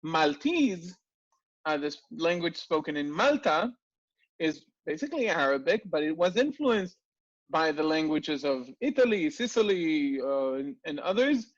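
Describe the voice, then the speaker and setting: A man teaching an online language class, lively and full of rhetorical questions. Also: on the high side, measured pace, dry recording, muffled recording. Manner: lively, asks rhetorical questions, frequent restarts. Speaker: language lecturer.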